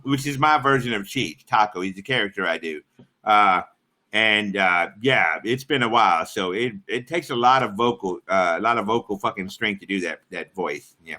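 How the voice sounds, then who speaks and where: A man's voice: mid-range voice, sharp tone. A man chatting on his live stream in a rambling, crude and profane way. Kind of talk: casual live-stream chat.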